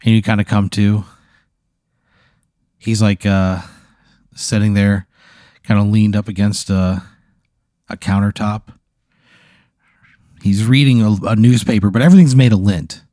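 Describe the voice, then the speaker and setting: A man's voice: lowish voice, fairly even intonation, unhurried, pauses often, warm tone, no room sound, studio quality. A man hosting a comedy podcast, improvising a hypothetical story with lots of fillers. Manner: meandering, lots of "like", throat clearing.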